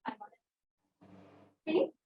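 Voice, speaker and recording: A young woman student in a classroom, talking quickly while sorting out a microphone for a remote teacher. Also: highs cut off. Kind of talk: casual classroom talk.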